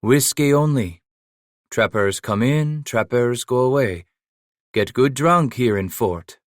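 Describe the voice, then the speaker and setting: A man doing a deep-voiced, brusque foreign stranger. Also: lively intonation, slow pace, no echo, clean studio sound. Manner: brusque, broken English in short phrases. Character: big gruff foreign stranger man, terse.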